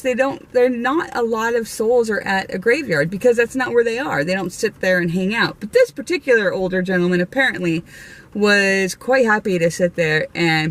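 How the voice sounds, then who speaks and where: A woman vlogger and medium telling her ghost stories in a casual, animated way, laughing often and restarting her sentences. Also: mid-range voice. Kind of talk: casual storytelling to camera.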